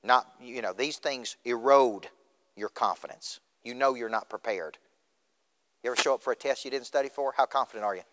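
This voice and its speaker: A man's voice: mid-range voice, a little fast, noisy background. A middle-aged man giving a motivational speech, questioning the audience directly. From Tennessee. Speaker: motivational speaker. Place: school auditorium. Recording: reverberant auditorium.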